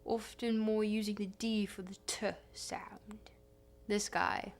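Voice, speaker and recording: A woman streamer chats casually with her viewers, reading their comments aloud, singing along, and humming between songs as music plays. Her medium-pitched voice is unhurried and darkish, with little pitch movement.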